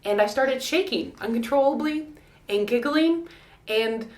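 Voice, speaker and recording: A young woman telling a personal story to camera in a casual, animated way, laughing often and acting out quotes. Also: on the high side, measured pace. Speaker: vlogger. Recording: echoey room.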